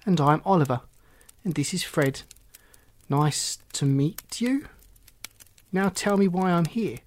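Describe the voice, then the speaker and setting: A man's voice: a little high, animated, takes it slowly, pitched above the performer's own voice. A man voicing an indignant, proud young boy in a storybook reading. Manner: indignant and cross. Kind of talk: storybook character voice.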